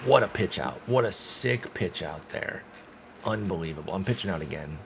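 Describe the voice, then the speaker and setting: Gaming streamer, male, deep voice; relaxed play-by-play that flips into exasperated outbursts. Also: moderate pace, gravelly, background noise. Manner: animated, swings from calm calls to loud outbursts and groans. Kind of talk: casual play-by-play of a baseball sim.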